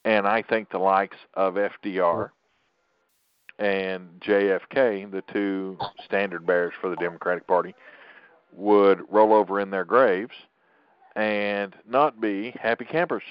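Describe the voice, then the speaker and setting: A man's voice: on the low side, fairly even intonation, a little slow, clear, resonant tone, no echo, muffled recording. A middle-aged man hosting a political podcast, talking in an opinionated, rambling way with frequent restarts. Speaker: podcast host.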